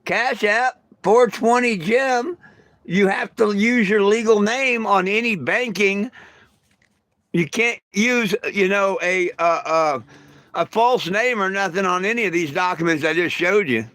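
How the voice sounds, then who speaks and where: A man's voice: high-pitched, unhurried, fairly bright tone, no room sound. An older retired man talking to his viewers in a blunt, crude, folksy way, telling stories and snapping back at commenters. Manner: folksy storyteller with homespun grammar. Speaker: vlogger. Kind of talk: casual rant to camera.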